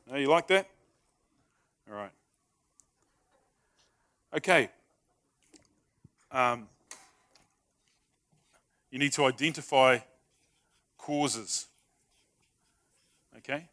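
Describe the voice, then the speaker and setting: Bright-voiced man preaching with humor. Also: mid-range voice, drawn-out words, pauses often. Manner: conversational and humorous, plays out short dialogues. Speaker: pastor. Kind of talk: sermon.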